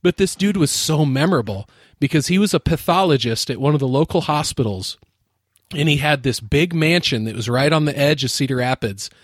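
American man in his thirties, casual storyteller, fairly high voice. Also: expressive, a little fast, breathy edge, no room sound, clean studio sound. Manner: laid-back storytelling, says like often, laughs easily. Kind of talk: casual chat.

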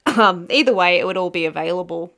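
A woman author co-hosting a podcast, thinking aloud in a relaxed, hesitant way. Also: fairly low pitch, quick pace, creaky. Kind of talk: casual podcast chat.

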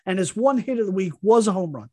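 Male podcast co-host, animated delivery with swinging pitch, dry close mic, salty trash-talking banter. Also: fast, dry recording. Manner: profane, mock-insulting, playful trash talk. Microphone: podcast microphone.

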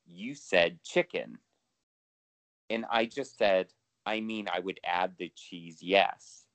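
A man's voice: low voice, steady tone, slow pace, a bit bright, smooth, no echo. A man co-hosting a podcast in casual chat, talking freely with lots of swearing and laughter. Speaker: podcast co-host.

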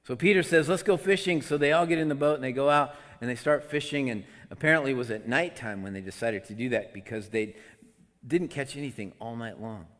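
A man delivers a sermon at a mid pitch. He swings between loud, emotional outbursts and quiet, conversational asides. His voice rings out in a hall with long reverb. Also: brisk. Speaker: pastor.

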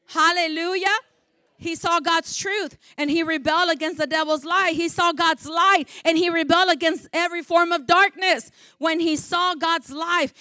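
High, fervent woman preaching. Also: dry recording. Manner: fervent preaching, swings from soft to shouting. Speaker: pastor. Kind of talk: sermon.

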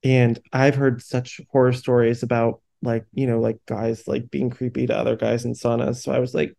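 A young man at mid pitch, hosting his own podcast and telling an embarrassing story on himself. He talks casually and candidly, swears freely and keeps breaking into laughter at his own expense. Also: little pitch movement, normal speed, creaky, few pauses, dark tone. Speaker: podcast host.

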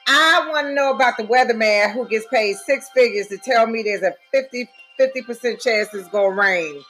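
A blunt, sassy woman co-hosting a casual podcast, her voice sitting a little high. She rants freely and swears. Faint music plays under the talk. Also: normal speed, fairly bright tone. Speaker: podcast co-host.

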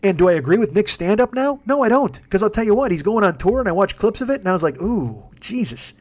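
A man's voice: sits high, animated, fast. A man hosting a comedic podcast, talking in a profane, rambling rant. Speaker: podcast host.

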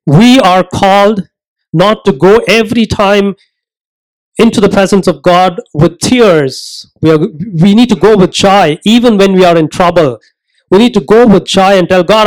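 In a poorly recorded clip, a high-voiced man delivers an earnest, emphatic sermon. He poses rhetorical questions and slows down to stress his points.

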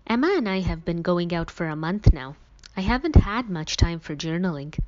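Woman reading a first-person story, low. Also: lively intonation, normal speed, darkish tone. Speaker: audiobook narrator. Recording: dull lo-fi recording.

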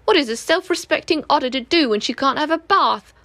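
A woman's voice: high-pitched, lively intonation, brisk, pushed and bright, no echo, voice pushed up, full character voice. A woman voicing a haughty, vain female otter in a storybook reading, with a demanding manner.

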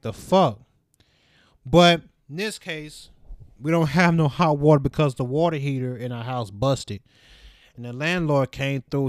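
A man talks alone on his own podcast, rambling from one thought to the next with plenty of swearing and laughter. His voice sits at an ordinary middle pitch. It is recorded close up in a dry, deadened room. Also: no room sound. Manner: rambling, profane, laughs often. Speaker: podcast host. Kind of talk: casual solo podcast monologue.

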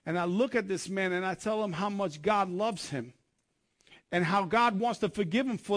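A man's voice: high voice, moderate pace. A man preaching a sermon, telling his testimony in an earnest, conversational way and often restarting his sentences.

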